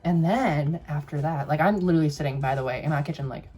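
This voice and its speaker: A man's voice: a little high, fast, over music. A young man in drag telling a spooky story to camera in a sassy, profane, dramatic way.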